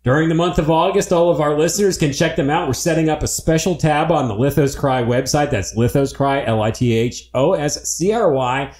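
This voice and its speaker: A man's voice: a little high, fairly quick, hardly any pauses, a little mellow. A man co-hosting a podcast in casual chat, laid-back and chuckling often. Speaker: podcast co-host. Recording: roomy echo.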